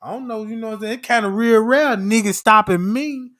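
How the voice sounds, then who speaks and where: A man with a high voice spins loose, comic stories as he hosts a casual chat. His talk is slangy, and he keeps checking in with his listeners. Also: fairly quick, a bit bright. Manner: slangy, keeps asking "you know what I'm talking about". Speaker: host of an open chat stream. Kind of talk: casual comedic storytelling.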